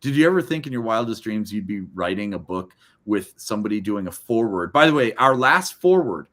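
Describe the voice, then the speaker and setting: A man's voice: on the low side, sing-song, fairly quick, fairly bright tone. A man hosting a book launch on a video call, upbeat and chatty, laughing often between remarks. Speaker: host of a book launch livestream. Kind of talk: casual livestream hosting.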